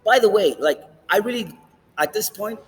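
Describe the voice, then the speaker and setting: A man's voice: high-pitched, animated, normal speed, fairly bright tone, a little hiss or hum, low-quality recording. A man vlogging in a rambling, casual monologue, swearing often and jumping between topics. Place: outdoors, standing, smoking a cigar.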